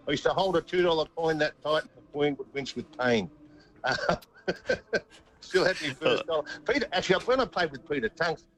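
A man's voice: on the high side, low-quality recording. A middle-aged man with an Australian accent, a former footballer telling stories in an interview, chuckling and repeating words as he goes. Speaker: interview guest, former rugby league player. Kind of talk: casual storytelling interview.

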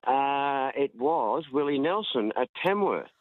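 A man's voice: mid-range voice, lively intonation, a little slow, dry recording. Enthusiastic Australian man on a tinny phone line. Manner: rambling, enthusiastic, colloquial. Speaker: caller. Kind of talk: telling a story on a phone-in.

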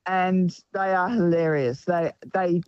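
A woman's voice: on the low side, steady tone, slow pace, a little mellow, no echo, lo-fi sound. A woman co-hosting talkback radio, telling stories in a teasing way and laughing often. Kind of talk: casual talkback radio chat.

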